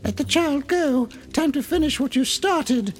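A man voicing a menacing mayor in a screechy high falsetto. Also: lively intonation, measured pace, soft background music. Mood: threatening. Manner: high-pitched threatening.

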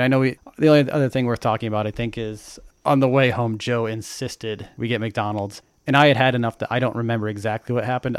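A man's voice: medium pitch, clean tone, no room sound. Man casually telling a story. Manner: relaxed storytelling with small self-corrections. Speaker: podcast co-host. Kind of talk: casual chat.

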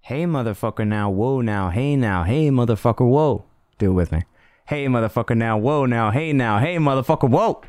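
A man's voice: mid-range voice, expressive, normal speed, darkish tone, dry recording, clean studio sound. A man hosting a podcast, talking casually and playfully, swearing and rambling with restarts. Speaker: podcast host. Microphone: studio microphone.

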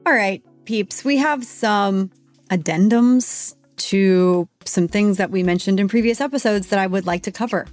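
A woman's voice: medium pitch, a little slow, no room sound, soft background music. A woman co-hosting a podcast in a frank, joking casual chat. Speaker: podcast co-host.

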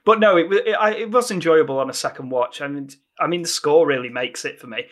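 A man's voice: on the high side, fast talker, fairly bright tone. A man over thirty-five chatting enthusiastically about films he watched, as a podcast co-host. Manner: enthusiastic, chatty, laughs often. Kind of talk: casual film review chat.

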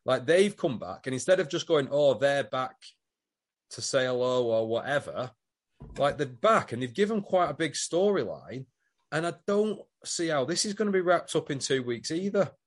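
A man's voice: on the high side, very animated, normal speed. A man co-hosting a podcast in casual, rambling chat. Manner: chatty, rambling, with fillers. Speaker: podcast co-host.

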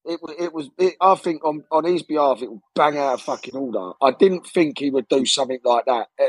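A man calling into a fan show, his voice hoarse from shouting, talking in a heated, sweary way with stumbling repeats. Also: a little high, fairly quick, dry recording, low-quality recording. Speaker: caller. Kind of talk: casual phone-in chat.

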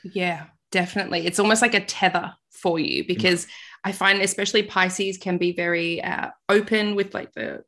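A woman's voice: on the low side, fairly even intonation, moderate pace, a bit bright. An Australian woman hosting a podcast interview, bubbly and giggly, chatting casually with her guest. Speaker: podcast host.

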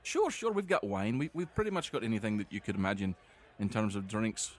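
A man's voice: fairly low pitch, expressive, a little fast. A man voicing an eager female tavern keeper.

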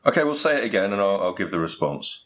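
A man's voice: on the low side, expressive, quick pace. A man playing straight man in a comedy chat, dry and sceptical, asking pointed questions.

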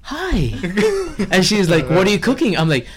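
Animated, laughing chef telling stories. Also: male voice, high voice, fast. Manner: animated storyteller, acts out others' lines, laughs often. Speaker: chef guest. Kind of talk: casual podcast chat.

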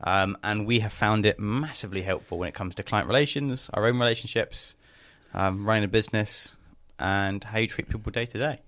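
A man's voice: fairly low pitch, fairly quick, hardly any pauses, fairly bright tone, dry recording, clean studio sound. A young man co-hosting a podcast in casual chat, blunt and laid-back, swearing freely. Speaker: podcast co-host, business owner.

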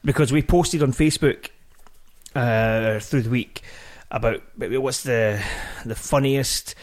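Chatty man, halting delivery. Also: medium pitch. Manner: halting, full of restarts and fillers. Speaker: podcast co-host. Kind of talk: casual chat.

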